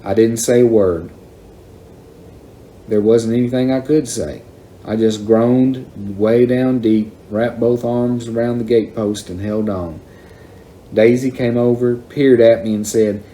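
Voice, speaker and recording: A man reading a children's novel aloud in a plain, unhurried storytelling manner. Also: mid-range voice, fairly even intonation, dark tone, slight background noise. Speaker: reader.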